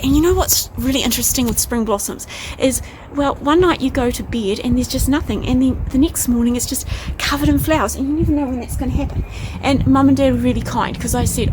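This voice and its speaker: A woman's voice: on the high side, brisk, background noise. A young woman with a New Zealand accent, chatting enthusiastically as she walks through her garden for her vlog. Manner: bubbly, enthusiastic, chatty with soft asides. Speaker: vlogger. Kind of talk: casual chatty vlog, walking garden tour. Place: outdoors in a garden.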